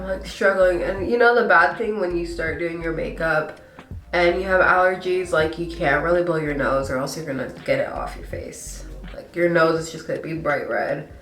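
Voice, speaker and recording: Sitting low with a fairly bright tone, her voice moves at a moderate pace, sounding reverberant through a distant mic over soft background music. She's a congested young beauty vlogger filming a casual get-ready-with-me at home, breathing hard, chatty, self-deprecating, and constantly apologizing.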